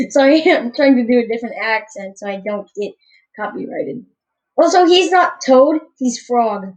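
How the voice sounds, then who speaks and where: A woman's voice: a little high, animated, measured pace, poor audio. A woman giving casual, goofy gameplay commentary, rambling and tripping over her words.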